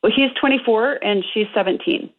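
A woman's voice: a little high, a little fast. A middle-aged woman, a couples therapist, explaining earnestly as a radio guest over the phone, with many fillers. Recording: tinny phone line.

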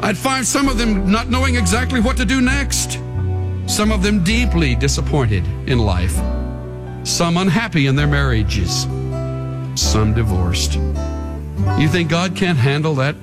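A man's voice: on the high side, expressive, measured pace, over loud music. A man preaching a sermon to a live congregation in a church, dramatic and rousing, leading them in call-and-response. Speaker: pastor.

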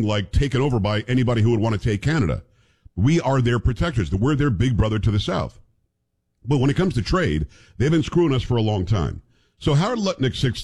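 Male radio host, lively pitch, joking and opinionated, neutral American accent with a trace of New York. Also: slightly rough. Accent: neutral American, hint of New York. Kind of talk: casual talk radio chat.

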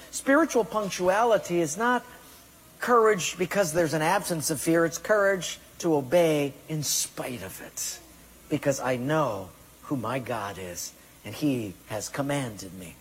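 A man's voice: a little high, expressive, measured pace, husky. A pastor preaching a sermon with emphatic delivery, now and then acting out his listeners' excuses. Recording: voice in a large reverberant hall.

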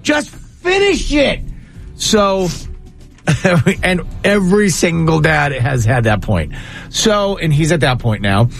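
A middle-aged man telling a funny story in casual banter with a co-host, animated and jumping up in pitch for quoted voices. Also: takes it slowly, vocal fry, faint music behind.

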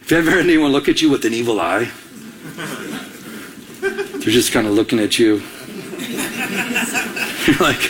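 A middle-aged man from Michigan preaching a sermon, telling a personal story with lively acted-out quotes and sudden jumps in pitch. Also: fairly quick, pauses often, background noise. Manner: animated storytelling, acts out his own quoted lines with big pitch jumps. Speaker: pastor.

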